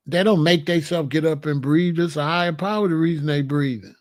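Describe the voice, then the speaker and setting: High-voiced guy, aave, preachy and in your face, dry close sound. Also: brisk, darkish tone, no echo. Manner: confrontational, repeats questions, preachy. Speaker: host answering a viewer. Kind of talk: live-stream commentary.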